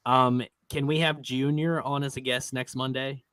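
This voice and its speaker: A man's voice: mid-range voice, level tone, normal speed, fairly bright tone, smooth, no room sound. A man hosting a casual group podcast, laid-back and profane, laughing often and filling gaps with ums. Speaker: podcast host.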